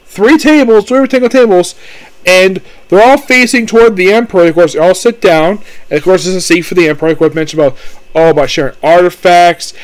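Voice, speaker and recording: Casting: male anime reviewer, high voice, casual rambling delivery, dry close sound. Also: dry recording, poor audio. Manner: rambling, full of fillers like "basically" and "of course".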